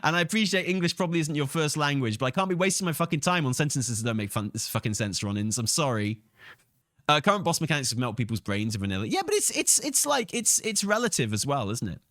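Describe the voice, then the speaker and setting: A man's voice: medium pitch, expressive, fast talker, fairly bright tone, no room sound, studio quality. A man hosting a casual gaming commentary, answering chat messages in a blunt, argumentative, sweary way and often laughing. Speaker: streamer and channel host.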